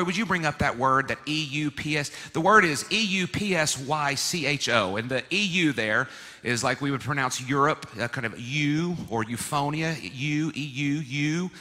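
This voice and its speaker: Man, pastor, sermon, bright forceful voice, playful teaching, long church reverb. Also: mid-range voice. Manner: lively, playful teaching, leads congregation in repeating words. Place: church sanctuary.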